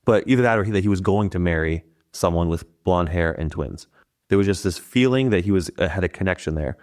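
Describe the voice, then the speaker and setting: A man's voice: sits low, brisk, a little mellow. A man hosting a podcast, retelling a story in a casual, rambling way. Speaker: podcast host. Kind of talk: podcast interview.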